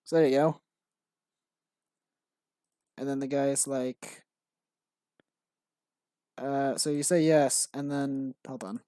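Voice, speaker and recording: A man's voice: medium pitch, flat delivery, slow, pauses often, dark tone, no room sound. Rambling man on a dry mic. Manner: rambling, self-interrupting, frequent fillers and restarts. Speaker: streamer and game developer. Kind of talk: casual live-stream commentary.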